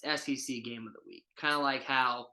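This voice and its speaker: A man co-hosting a casual sports podcast, excitable and loose, often trailing off mid-sentence. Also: mid-range voice, a little fast. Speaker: podcast co-host.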